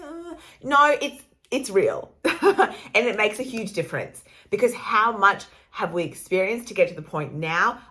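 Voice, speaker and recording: A woman's voice: fairly low pitch, fairly bright tone. A woman, chatting casually about astrology in a rambling, laughing style with the odd swear word. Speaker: astrology vlogger. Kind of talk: casual spiritual vlog talk.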